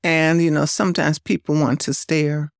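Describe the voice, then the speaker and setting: Man, gravelly voice, slightly high, interview host, gentle questions, dry sound. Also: level tone, moderate pace, dry recording. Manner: gentle probing questions, brief affirmations. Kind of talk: casual interview talk.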